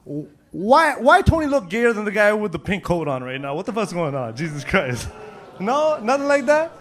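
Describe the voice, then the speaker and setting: A man's voice: sits high, sing-song, moderate pace, fairly bright tone, a little hiss or hum. A man in his second-ever stand-up set, rambling loosely and needling the host. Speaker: stand-up comedian.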